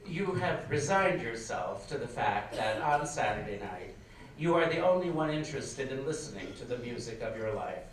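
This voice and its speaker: A man reads a nostalgic story aloud at a live stage event, wry and expressive with comic timing. His voice sits mid-range, swallowed in a big hall's reverb and picked up from far off, with a faint hiss underneath. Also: mid-range voice, moderate pace. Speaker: reader, storyteller. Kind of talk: live stage reading of a memoir. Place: large performing arts hall. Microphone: far camera. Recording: echoey hall from far off, faint noise.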